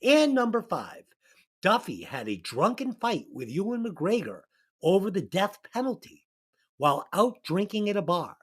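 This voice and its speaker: A man hosts a casual movie-review podcast, introducing segments and reading trivia in a loose, jokey way. He stumbles and restarts through his script, and his pitch rises and falls in a lively way. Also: moderate pace, breathy edge. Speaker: podcast host.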